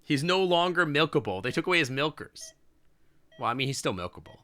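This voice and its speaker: While streaming a game, a man reads a visual novel's story aloud and reacts live with crude, outspoken jokes. His voice is a little high and sharp, animated and a bit fast.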